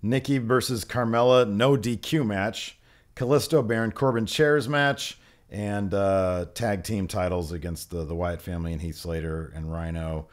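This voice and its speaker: A man's voice: on the low side, steady tone, normal speed. A man co-hosting a casual wrestling review podcast, loose and jokey, rambling with asides. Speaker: podcast co-host. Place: home podcast set.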